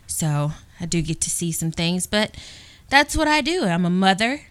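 A woman's voice: lowish voice, sing-song, normal speed, a bit bright, no room sound. A woman with a Southern US accent, co-hosting a casual podcast and chatting playfully with stories. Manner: playful, talkative, storytelling. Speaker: podcast co-host.

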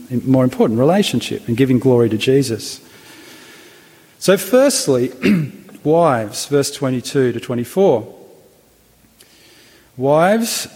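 A man's voice: mid-range voice, a little mellow. A male preacher delivering a sermon to a church congregation. He speaks thoughtfully, stopping and restarting as he works through his points. His voice rings with a long hall reverb. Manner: hesitant, with restarts and thoughtful pauses.

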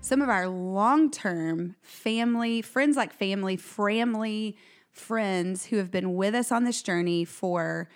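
A woman's voice: medium pitch, measured pace. Bubbly woman co-hosting a podcast. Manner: bubbly, enthusiastic. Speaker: podcast co-host. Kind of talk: casual podcast chat.

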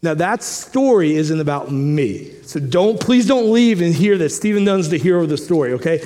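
A man preaching a sermon, telling a story with lively acted-out dialogue, then turning quiet and earnest. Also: a little high, normal speed. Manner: animated storytelling, acting out dialogue; drops soft and quiet when earnest. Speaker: pastor. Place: church sanctuary.

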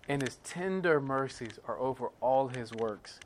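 A pastor preaches conversationally in a medium-pitched voice with lively intonation and a measured pace, and there's a little hiss or hum on the recording. He frequently checks in with listeners, moving between quiet, heavy stretches and loud, emphatic ones.

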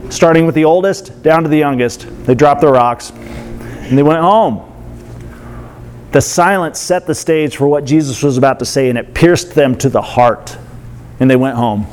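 A man's voice: a little high, normal speed, darkish tone, a little hiss or hum. A man preaching a sermon as pastor, conversational, with laughs and acted asides.

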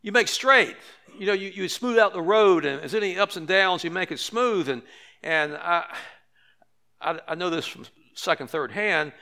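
Bright-voiced preacher man, high pitch. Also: lively intonation, moderate pace. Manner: conversational preaching with restarts and asides. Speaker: pastor. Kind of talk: sermon.

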